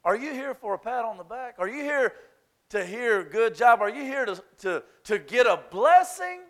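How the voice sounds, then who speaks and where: A man with a Southern US accent preaching a sermon as pastor, moving from a hushed prayer to impassioned preaching, often repeating words as he restarts. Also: very high-pitched, very animated, moderate pace. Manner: repetitive restarts when worked up.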